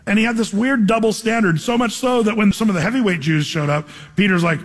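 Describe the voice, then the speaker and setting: A man preaching a sermon as pastor, talking conversationally and emphatically, with lively acted asides. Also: sits high, fast. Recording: hall reverb.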